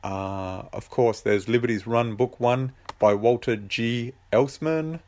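Talking at a slow pace in a mid-range voice, a man who writes books and hosts his own show chats alone in a loose, rambling manner. He sounds hesitant, filling the gaps with plenty of ums and uhs.

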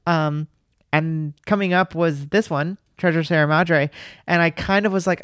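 Dry-sounding casual film podcast co-host. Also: male voice, a little high, fairly even intonation, moderate pace, a bit bright, no room sound. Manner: chatty, laughs often, rambling asides.

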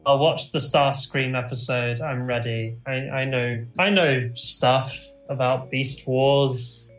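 A man's voice: medium pitch, fairly even intonation, slow, roomy sound, faint music behind, low-quality recording. A man co-hosting a podcast in casual chat, enthusiastic and rambling with lots of fillers. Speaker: podcast co-host.

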